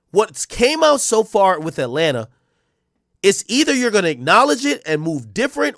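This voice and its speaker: A man's voice: fairly high pitch, fairly bright tone, no room sound, clean studio sound. A man giving blunt, ranting reaction commentary on a livestream, swearing and talking straight at the person he is discussing. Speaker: streamer and commentator.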